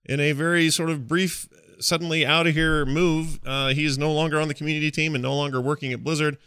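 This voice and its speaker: A man's voice: on the high side, level tone, fast, pushed and bright, smooth, dry recording, clean studio sound. A man hosting a casual gaming podcast, easygoing and joking, with plenty of fillers. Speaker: podcast host.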